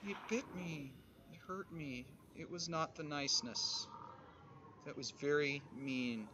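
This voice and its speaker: A man streaming a survival game, muttering and grumbling and swearing at creatures, with sudden loud outbursts. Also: a little high, a little slow, a little hiss or hum. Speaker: gaming streamer. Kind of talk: casual let's-play commentary.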